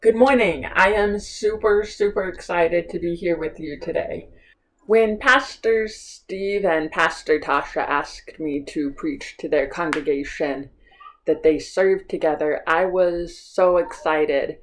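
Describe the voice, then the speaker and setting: A woman's voice: sits low, slow pace, low-quality recording. A woman pastor with a Pacific Northwest American accent, preaching a sermon recorded at home in an enthusiastic, chatty, informal way. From United States. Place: her home.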